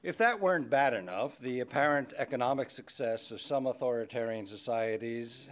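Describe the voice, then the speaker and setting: A man's voice: medium pitch, moderate pace. A man giving a keynote speech at a formal dinner, starting loose with fillers and turning firm and emphatic. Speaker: keynote speaker, head of state. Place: large banquet hall.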